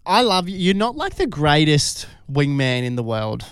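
Male radio co-host, slightly high, smooth, dry booth, teasing banter. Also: big pitch swings, fairly bright tone, no echo. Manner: teasing, quick quips.

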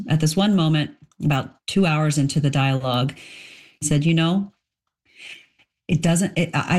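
Woman author, middle-aged, low voice, reflective interview answers. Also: darkish tone. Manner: thoughtful, explanatory, with frequent restarts.

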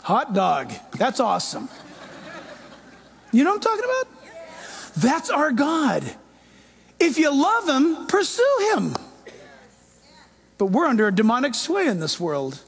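A man pastor preaching a sermon in an animated way, acting out quoted voices. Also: very high voice, unhurried, vocal fry, pauses often.

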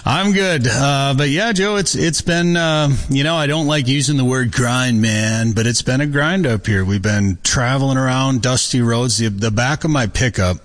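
A tired, sleep-deprived man hosting a podcast in relaxed, rambling casual chat. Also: mid-range voice, moderate pace, few pauses. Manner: relaxed, rambling, self-correcting. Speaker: podcast host.

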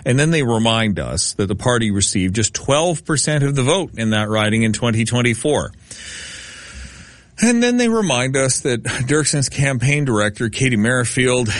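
A man's voice: mid-range voice, lively intonation, normal speed, no echo. A man hosting a talk radio show, delivering dry, sardonic commentary into a studio microphone.

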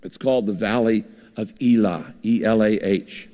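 A man's voice: lowish voice, normal speed. Man preaching in a big reverberant hall. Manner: lively preaching with rhetorical questions. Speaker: pastor. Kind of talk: sermon.

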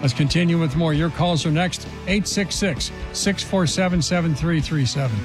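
A man's voice: fairly high pitch, normal speed, music in the background. Indignant male talk radio host. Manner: indignant, emphatic, rhetorical questions. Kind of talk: opinionated talk radio monologue.

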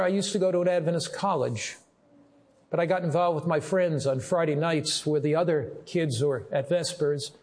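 A male pastor retelling the words of a despairing young woman on the phone, in a low, subdued, pleading voice. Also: darkish tone, close to an everyday voice.

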